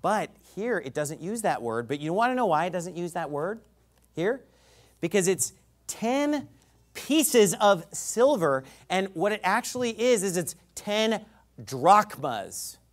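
A male pastor preaching a sermon, sarcastic and mocking, swinging from quiet explanation to shouting. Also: sits high, very animated, unhurried.

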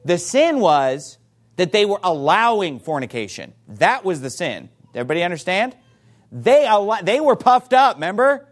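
A man preaching a sermon, reading scripture and acting out quoted voices with lively energy. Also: high-pitched, normal speed. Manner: animated, acts out quoted voices.

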